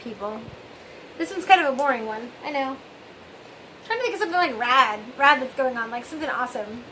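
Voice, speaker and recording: A woman's voice: sits high, expressive, brisk, bright, forceful tone, a little hiss or hum, low-quality recording. A woman hosting her own vlog and talking straight to her viewers in a rambling, candid way. She keeps trailing off with "I don't know" and drops in wry, self-mocking asides. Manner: addresses viewers directly. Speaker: vlog host. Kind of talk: casual confessional vlog monologue.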